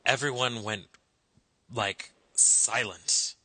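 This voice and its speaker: A man hosting a podcast interview, chatty and quick to laugh. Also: mid-range voice, steady tone, bright, forceful tone, slightly rough. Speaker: podcast host. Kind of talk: casual interview chat.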